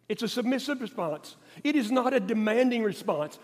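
A male pastor preaching a sermon in an emphatic, repetitive way, rising to stress points and then dropping quiet. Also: sits high, lively intonation, moderate pace, in a large hall.

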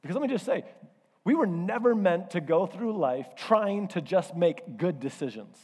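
A man's voice: high-pitched, animated, moderate pace, a little mellow, slightly rough. A man preaching a sermon in a conversational, storytelling way, with self-deprecating asides. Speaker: pastor. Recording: reverberant hall.

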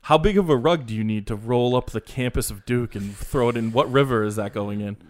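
A man co-hosting a casual sports podcast, rambling and animated, with restarts and mocking asides. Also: medium pitch, a little fast. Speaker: podcast co-host.

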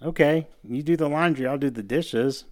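Laughing podcast host recapping scenes. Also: male voice, on the high side, normal speed, a little mellow. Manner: laughs often, recaps TV scenes with acted quotes. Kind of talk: casual chat.

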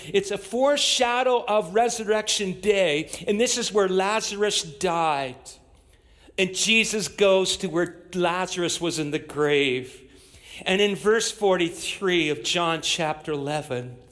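A pastor preaching a sermon to a church congregation, walking through scripture and building to emphatic, raised-voice exhortation. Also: male voice, high-pitched, fairly bright tone. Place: church with in-person and online audience.

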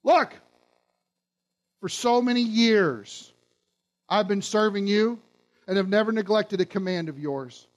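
A man's voice: high voice, a little slow. A man voicing a resentful older brother in a sermon retelling, indignant and complaining.

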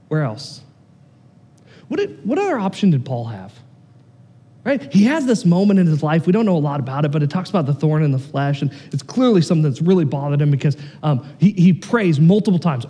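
A man preaching a sermon as pastor, animated and swinging between loud excitement and quiet, earnest intensity. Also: fairly high pitch, big-room sound.

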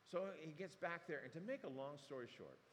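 A male pastor preaches a sermon, animatedly retelling the story and acting out the quotes in an expressive, brisk delivery. His voice sits fairly high for a man. A long hall reverb hangs over a faint room hum.

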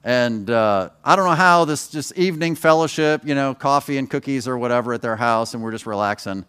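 A man's voice: mid-range voice, brisk, a bit bright, clear, resonant tone. A man, a pastor, preaching a sermon in a conversational way, with personal stories and joking asides to the congregation.

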